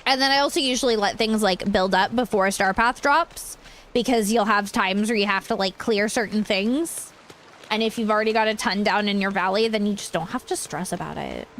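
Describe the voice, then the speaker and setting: A woman's voice: mid-range voice, brisk, fairly bright tone, a little hiss or hum. A young woman streaming a game in casual, rambling chat, tired and swearing now and then. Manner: rambling, frustrated, drops swear words. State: tired, yawning.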